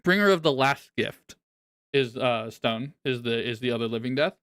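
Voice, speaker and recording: A man's voice: medium pitch, expressive, normal speed, a bit bright, clean tone. A man chatting casually on a live stream as he reviews viewers' decks, laughing often and poking fun at himself.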